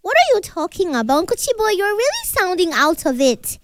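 High-voiced playful young woman co-host. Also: wildly swooping pitch, brisk, no echo, studio quality. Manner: playful, mock-serious teasing. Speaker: radio co-host. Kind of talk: casual radio banter. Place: radio studio.

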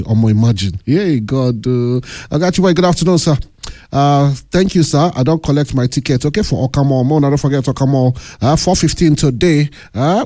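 A man's voice: medium pitch, dark tone, no echo, studio quality. A man with a Nigerian accent hosting a radio call-in show, chatting with callers and reading out listener messages. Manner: chatty, laughing, drawn-out fillers while reading. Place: radio studio.

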